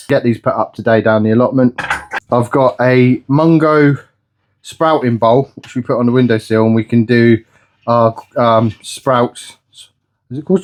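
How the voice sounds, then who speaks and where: A man talks in an easy, rambling way for his vlog, his pitch sitting in a middling range. He keeps tripping over tricky words and going back to fix them, chatting indoors at home. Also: a little hiss or hum. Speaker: vlogger. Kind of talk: casual vlog chat.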